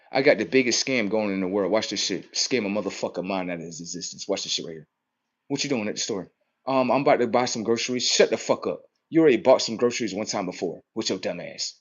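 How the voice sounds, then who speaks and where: A man in a profane, aggressive street rant, cursing and mocking, swinging between loud outbursts and low mutters. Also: dull audio. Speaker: vlogger.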